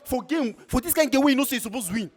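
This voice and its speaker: A man's voice: very high-pitched, expressive, very fast. A man with a Nigerian Pidgin English accent, ranting in a heated, exasperated way as a football fan in a street reaction.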